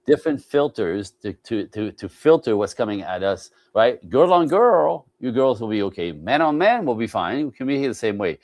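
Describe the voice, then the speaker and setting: A man's voice: medium pitch, sing-song, moderate pace, hardly any pauses, a little mellow, dry recording, clean studio sound. A man speaking as a relationship coach in an interview, emphatic, constantly checking in with "right?" and acting out other people's voices. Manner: emphatic, repeats "right?", slips into mimicking voices. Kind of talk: animated interview talk.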